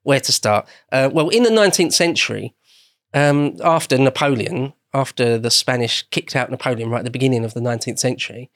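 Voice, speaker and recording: A man's voice: medium pitch, brisk, fairly bright tone, no echo, studio quality. An Englishman explaining history as a guest in a casual podcast conversation, meandering and often rephrasing himself.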